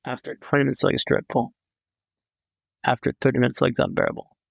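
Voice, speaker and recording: Gravelly, vivid storytelling man. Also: mid-range voice, flat delivery, fast talker, dry recording. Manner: vivid, dramatic storyteller with wry humor. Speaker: podcast guest. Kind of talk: storytelling in a conversation.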